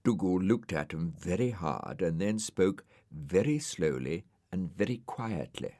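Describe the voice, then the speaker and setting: Man reading a children's storybook slowly. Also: low-pitched, dry recording, studio quality. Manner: expressive, unhurried storytelling. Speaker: audiobook narrator.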